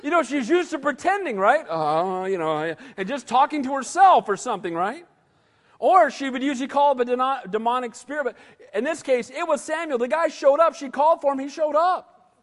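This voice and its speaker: A male pastor preaching an animated sermon in a church hall and questioning his audience. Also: very high-pitched, a little fast.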